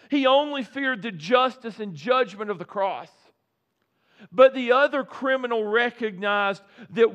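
A middle-aged male pastor preaching a sermon, deliberate, with repeated phrases and dramatic pauses. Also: high voice, fairly bright tone, muffled recording.

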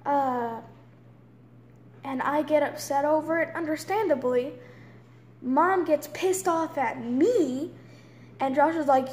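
Slow-talking frustrated teen girl, high voice. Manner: profane, frustrated, swings from loud outbursts to hushed whispers. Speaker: vlogger. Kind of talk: emotional venting rant. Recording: roomy echo with faint background noise.

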